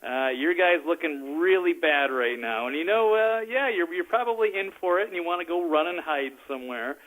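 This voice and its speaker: A male guest calling in by phone to talk politics. His voice is bright and clear, and he keeps pausing on uh and um and laughing lightly. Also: a little high, lively intonation, rough recording. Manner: hesitant, many fillers, chuckles often. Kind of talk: casual political chat. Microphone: phone call.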